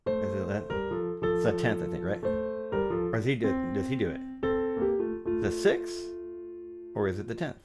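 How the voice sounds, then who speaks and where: A man's voice: fairly low pitch, measured pace, long pauses. A man hosting a livestream, talking casually between piano songs and laughing often. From United States. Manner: upbeat, chatty, laughs often. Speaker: livestream host and pianist. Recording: piano music under the voice. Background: piano music.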